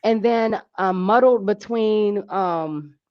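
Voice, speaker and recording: Animated woman doctor, slightly dull audio. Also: mid-range voice, takes it slowly. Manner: animated, acts out patients' voices. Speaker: medical doctor guest. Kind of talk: casual interview talk.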